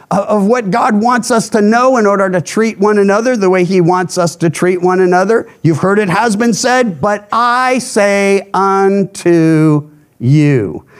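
A middle-aged man giving an earnest, emphatic Bible teaching as a pastor, often restarting his phrases. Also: high voice.

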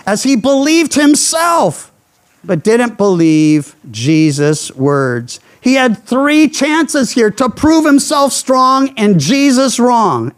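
A man pastor preaching a Bible sermon, earnest and emphatic, letting his phrases fall low at the end. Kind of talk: expository sermon.

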